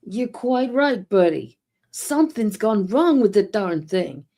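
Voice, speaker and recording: A woman's voice: medium pitch, lively intonation, slow pace, mellow, voice pushed down. A woman voicing a worried young male painter in a comic novel read aloud, pleading and fretful. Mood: anxious.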